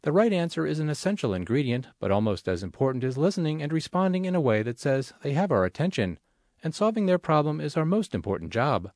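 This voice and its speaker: A man reading magazine articles and recipes aloud in a clear, measured, expressive way. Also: on the high side, dry recording, studio quality. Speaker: reader of an audio magazine. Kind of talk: scripted read-aloud narration.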